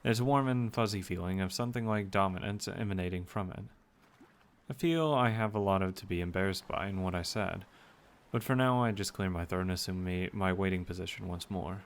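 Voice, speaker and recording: Gravelly man reading a visual novel aloud. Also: sits low, fairly quick. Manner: playful, joking commentary between read lines. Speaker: let's play reader.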